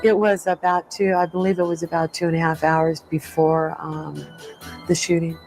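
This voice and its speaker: A woman in an interview giving a measured, thoughtful account. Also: sits low, flat delivery, darkish tone, faint music behind, rough recording. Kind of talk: documentary interview.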